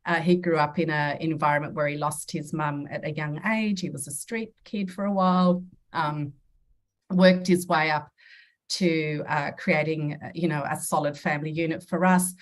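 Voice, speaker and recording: Earnest, low-voiced woman guest. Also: fairly even intonation, normal speed. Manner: earnest, reflective, acts out quoted dialogue. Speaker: podcast guest, medium and mentor. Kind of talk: personal storytelling in a podcast interview.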